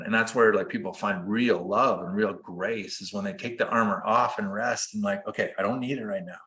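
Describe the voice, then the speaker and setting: Bright-voiced man telling his story earnestly. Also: fairly low pitch. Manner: earnest, animated, acts out quoted dialogue. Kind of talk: conversational storytelling.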